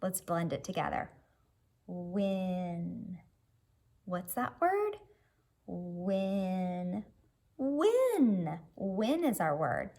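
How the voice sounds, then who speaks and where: A young woman teaches an early reading lesson to children at home. She talks with a gravelly, somewhat husky tone, cheerful and encouraging, breaking words into single sounds and inviting the kids to join in. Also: fairly low pitch, sing-song, extremely slow, pauses often, darkish tone.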